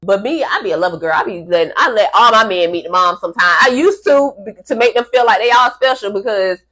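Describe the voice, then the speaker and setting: A woman relates a lengthy personal tale to her camera, talking fast at a medium pitch. Her delivery is loose and lively, full of swearing, and she impersonates the people she describes.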